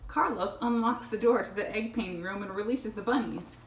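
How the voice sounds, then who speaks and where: A woman reading picture books aloud to a child, playful and animated, breaking into animal sounds. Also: mid-range voice, fairly quick. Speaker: storytime reader. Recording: echoey room, faint noise.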